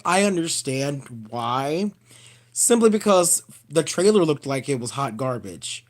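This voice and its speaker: A man ranting casually on a live stream, animated and profane, calling his viewers y'all. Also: on the high side, slow pace. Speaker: vlogger.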